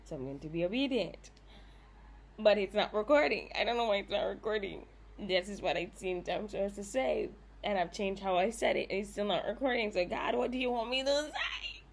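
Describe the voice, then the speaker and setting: A woman's voice: medium pitch, big pitch swings, brisk, gravelly. A young woman vlogging in a rambling, emotional monologue, frustrated and swearing as she talks.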